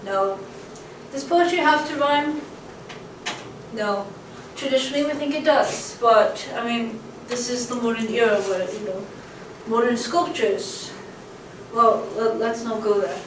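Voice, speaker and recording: Unhurried and fairly high-pitched, a woman gives a casual poetry lecture recorded from a distance on a camcorder. The echoey room carries a faint hum as she chats, full of ums and uhs, tapping stress patterns out aloud.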